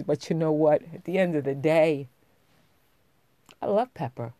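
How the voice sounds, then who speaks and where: A woman's voice: deep voice, unhurried, long pauses, dark tone, dry recording, clean studio sound. A woman vlogging, telling a personal story in a heartfelt, rambling way with many restarts, getting emotional as she talks.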